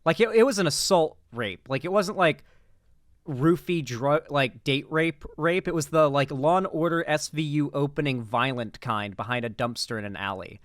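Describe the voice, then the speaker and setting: A man's voice: fairly high pitch, moderate pace, no echo, studio quality. A young man hosting political reaction commentary, talking in a sarcastic, rambling way.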